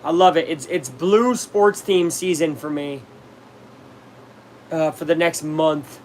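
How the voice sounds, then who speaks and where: A man talks his way through a baseball game on a live stream, chatting with his viewers between pitches. His voice sits fairly high and his delivery is slow and unhurried, breaking into loud reactions to plays. A faint hum of room noise runs underneath. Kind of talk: casual live-stream commentary.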